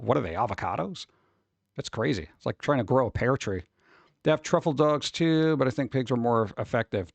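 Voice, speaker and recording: A man's voice: medium pitch, a little mellow, no echo. A man hosting a livestream in casual chat, rambling, swearing casually and reading news aloud. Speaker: streamer host.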